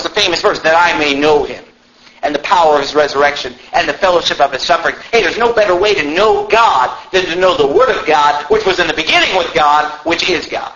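Emphatic preacher man, bright lo-fi sound. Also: a little high. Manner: emphatic preaching, reads verses slowly, rising on exhortations. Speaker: pastor. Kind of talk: sermon. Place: church sanctuary.

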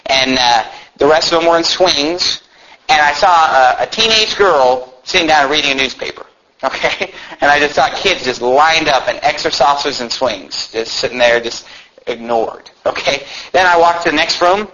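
A man's voice: fairly high pitch, normal speed, sharp tone, slight background noise. A man preaching a sermon, telling a story in an earnest, conversational way, often restarting and adding asides. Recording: muffled lo-fi recording.

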